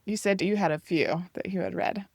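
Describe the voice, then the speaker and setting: A woman co-hosting a casual book podcast, easygoing and relaxed, with frequent filler words. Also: lowish voice, fairly quick, creaky, no echo, clean studio sound. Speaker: podcast co-host.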